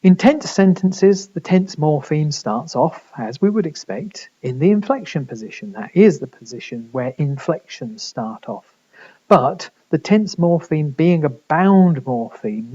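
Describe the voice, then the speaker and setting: A man's voice: a little high, expressive, measured pace, warm tone, slightly rough, muffled recording. A man giving a recorded university lecture, explaining step by step with frequent fillers and restarts. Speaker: linguistics lecturer.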